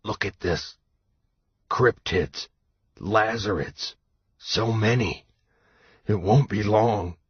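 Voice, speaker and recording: A weak, unwell young man pleads urgently, as a male narrator voices him, his husky voice low and slow. The audiobook recording is dull and dry. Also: dry recording, exaggerated voice. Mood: pleading. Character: sick, desperate young man pleading at a door.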